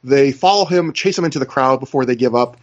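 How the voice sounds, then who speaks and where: A man hosting a podcast, recapping events in a relaxed, casual way with fillers. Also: mid-range voice, quick pace, dull audio. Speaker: podcast host. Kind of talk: casual chat recapping wrestling.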